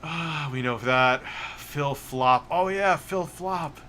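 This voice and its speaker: A man hosting a casual livestream who reads his chat aloud and answers it with crude, offhand jokes. His voice is bright and forward. A faint hiss sits under the recording. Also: a little high, takes it slowly. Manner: loose, crude, joking banter with chat. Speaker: livestream host.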